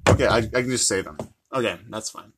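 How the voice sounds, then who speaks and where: A man's voice: lowish voice, fast talker, over loud music. A man in casual, playful chat, laughing often while hosting a game. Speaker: co-host. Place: indoors, sitting on the floor.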